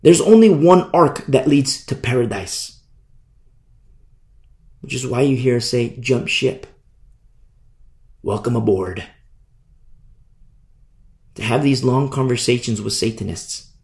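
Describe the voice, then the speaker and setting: A man's voice: medium pitch, takes it slowly, long pauses, darkish tone. A man preaching a passionate sermon as a pastor, sometimes acting out the voices of the people he describes. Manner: impassioned, mimics people in quotes.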